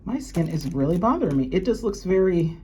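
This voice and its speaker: Excitable woman unboxing luxury goods. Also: fairly low pitch, brisk, husky. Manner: gushing, excitable gasps and exclamations. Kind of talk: casual unboxing chat.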